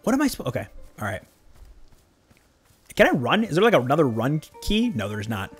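A young man chatting casually on a game livestream, animated and rambling, with laughing asides to his chat. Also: mid-range voice, fairly quick, slightly rough, soft background music. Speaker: streamer.

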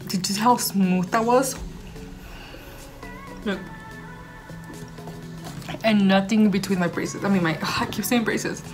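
A woman's voice: medium pitch, unhurried, pauses often. Bubbly young woman, music underneath. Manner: bubbly, gushing, mixes in Spanish words while eating. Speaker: vlogger. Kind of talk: casual chatty food-tasting vlog. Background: background music.

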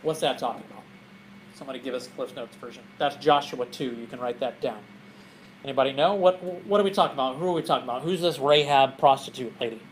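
A man, a pastor, teaching a Bible study to a group in a church, animated and often laughing as he asks questions. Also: mid-range voice, fast, a little hiss or hum, rough recording.

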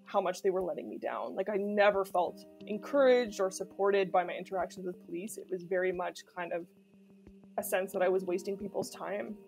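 A gravelly, slightly mellow medium-pitched voice belongs to a Canadian woman being interviewed for a documentary about how she was stalked. Her talk is open and conversational, heavy with "like" and "you know."

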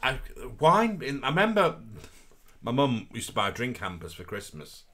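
A man's voice: medium pitch, wildly swooping pitch, moderate pace, pushed and bright. A man co-hosting a livestream, chiming in with camp, playful jokes during casual chat. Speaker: co-host of a livestream.

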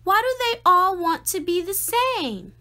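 A woman's voice: extremely high pitch, big pitch swings, a little slow, pushed and bright, voice pushed up, full character voice. A woman voicing a strong-willed, dramatic little girl who speaks emphatically. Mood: indignant. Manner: emphatic, indignant questions.

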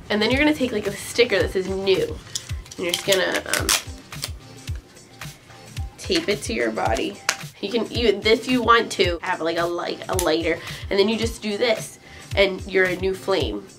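A woman's voice: mid-range voice, moderate pace, long pauses, over music. A young woman vlogger chatting casually, giggly and loose, full of "like" and "um". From United States. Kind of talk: casual vlog chat.

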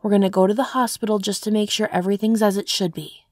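A woman's voice: medium pitch, fairly even intonation, quick pace, darkish tone, no echo, clean studio sound, lightly acted. A woman playing a tender, reassuring girlfriend. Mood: soothing. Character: caring young woman comforting her girlfriend. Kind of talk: audio role-play.

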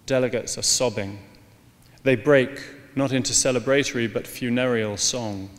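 A man reading from his book to an audience in a measured, deliberate way. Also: medium pitch. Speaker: author giving a talk. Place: large hall with long reverb. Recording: live talk in a reverberant hall.

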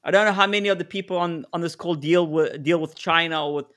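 A man co-presenting a live webinar, telling stories in an animated way and laughing often. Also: on the high side, fast talker. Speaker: co-presenter, negotiation expert.

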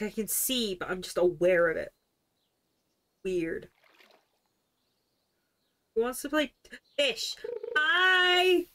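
Giggly, foul-mouthed young woman streamer. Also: mid-range voice. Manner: giggly, swears freely, chatters to herself while playing. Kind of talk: casual live game stream.

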